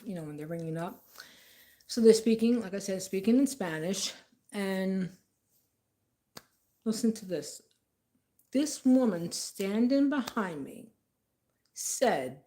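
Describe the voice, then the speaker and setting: A woman's voice: on the low side, dark tone. A woman telling a story in a rambling, tangential, indignant way. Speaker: vlogger. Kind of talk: casual storytelling.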